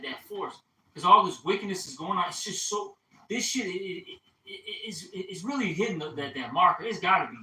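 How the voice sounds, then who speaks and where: Bright, lively man talking from across an echoey room. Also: high-pitched, fairly quick. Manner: animated, swearing, many fillers and restarts. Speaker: group discussion member. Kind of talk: casual group chat. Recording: echoey room, far from mic, faint hiss.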